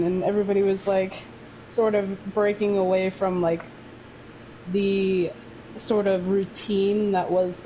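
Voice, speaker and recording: A woman's voice: medium pitch, mellow, a little hiss or hum, low-quality recording. A woman co-hosting a casual podcast chat with friends, rambling with lots of fillers and laughs. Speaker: podcast co-host.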